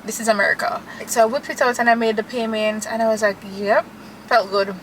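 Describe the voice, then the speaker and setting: A young woman vlogging from her car, chatty and animated, gushing to her viewers. Her voice sits a little high. A steady air-conditioner hum and road noise run clearly underneath. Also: fast, poor audio. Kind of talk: casual chat to camera.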